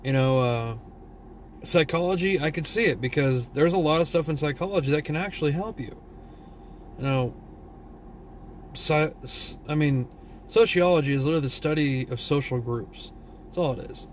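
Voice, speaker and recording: A man's voice: fairly high pitch, moderate pace, pauses often, slight background noise. A tired man from Texas with a Southern drawl, vlogging a blunt, profane, rambling rant. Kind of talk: casual opinion rant.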